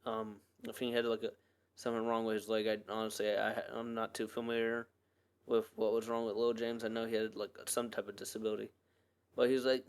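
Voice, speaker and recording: A man's voice: lowish voice, flat delivery, brisk, clean tone. A man hosting his own podcast and talking alone in a loose, earnest, rambling way, full of fillers and restarts. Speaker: podcast host. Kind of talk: casual solo podcast monologue.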